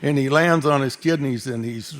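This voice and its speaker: An older Arizona man tells cowboy stories on a stage before a live audience, using a folksy drawl with dry humor. His voice is medium-pitched and moves at a normal speed.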